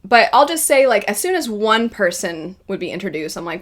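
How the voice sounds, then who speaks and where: A woman reviewing a series in a casual spoken style, lively and acting out her own quoted reactions. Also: mid-range voice, brisk, hardly any pauses. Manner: animated, acts out quoted reactions. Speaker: video reviewer.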